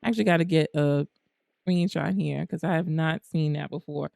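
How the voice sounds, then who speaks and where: Woman w/ low gravelly voice talking thru her game, chatty, says y'all. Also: fairly quick, dark tone, no echo, clean studio sound. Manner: chatty, uses "y'all" and "girl". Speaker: gaming channel host. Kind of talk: casual gameplay commentary.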